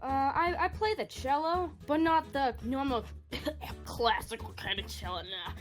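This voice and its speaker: A woman's voice: sits high, big pitch swings, measured pace, soft background music. A woman voicing a spacey teenage girl who plays cello in a punk band, drawling and hesitant. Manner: drawling, hesitant, full of ums.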